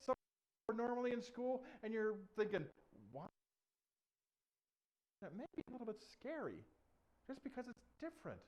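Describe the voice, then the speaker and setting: A young man telling a bible story to children in a playful, animated way, full of sound effects. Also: very high-pitched, fairly quick. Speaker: children's ministry leader.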